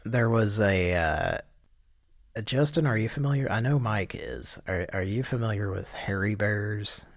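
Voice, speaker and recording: Casting: deadpan male co-host, lowish steady voice. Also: measured pace, gravelly, dry recording, clean studio sound. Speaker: podcast co-host. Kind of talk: casual chat.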